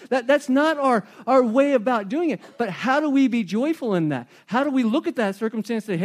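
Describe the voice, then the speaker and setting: A man pastor with a notably high-pitched voice delivers a sermon. He preaches in a relaxed, conversational manner and drops in joking asides along the way. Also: a little fast, hardly any pauses.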